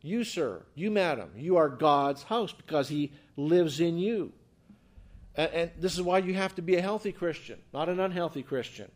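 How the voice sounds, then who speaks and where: A male pastor delivers a sermon with a slightly high-pitched voice. He talks emphatically, repeating words and restarting phrases, and keeps putting rhetorical questions to his listeners. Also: animated, normal speed.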